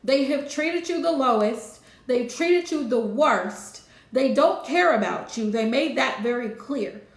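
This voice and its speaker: A woman hosting a live tarot reading, calmly repeating gentle advice to her viewers. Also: sits high, a little slow, roomy sound. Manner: soothing, repetitive advice with Southern-style phrasing. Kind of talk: casual live-stream reading.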